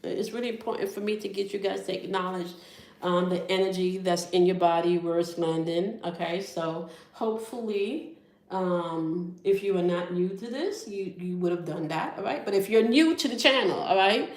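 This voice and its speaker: A woman with a somewhat low voice leads a spiritual tarot reading for her viewers. She checks in again and again with "all right?" and "okay?". Her voice rings in an echoey room. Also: moderate pace. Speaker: tarot reader and channel host.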